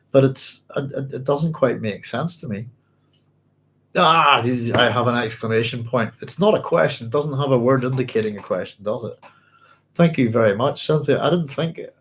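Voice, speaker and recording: A man hosting a live-streamed book club, reading passages aloud, then musing informally and answering viewers' comments. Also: medium pitch.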